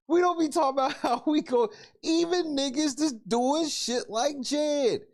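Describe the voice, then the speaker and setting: A man's voice: very high voice, a little slow. A man hosting a podcast, ranting casually with lots of profanity and laughing between his points. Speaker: podcast host.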